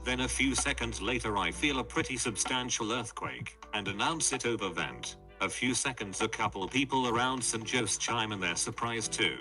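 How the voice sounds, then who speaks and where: A man's synthetic voice reading forum posts aloud in a flat, even delivery. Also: medium pitch, moderate pace, hardly any pauses. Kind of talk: text-to-speech story reading. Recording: background music under voice.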